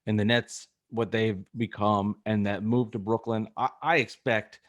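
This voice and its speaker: A male podcast co-host talking sports casually, earnest and often stumbling over repeated words. His voice sits fairly low. He talks with conviction through the restarts. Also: level tone, unhurried.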